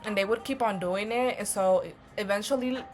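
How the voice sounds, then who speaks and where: A young adult woman telling a casual storytime vlog, blunt and animated, swearing heavily and using a lot of slang. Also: mid-range voice, normal speed, faint music behind. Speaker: vlogger.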